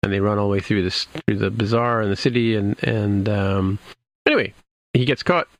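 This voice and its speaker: A podcast co-host recaps a TV episode in casual chat, rambling with lots of restarts and fillers. His voice sits on the low side and moves a little fast.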